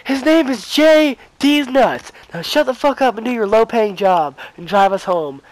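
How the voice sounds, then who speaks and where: A man's voice: extremely high pitch, animated, moderate pace, no room sound, pitched above the performer's own voice, rough recording. A young man doing a mouthy teenage girl. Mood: mocking. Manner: rude and taunting.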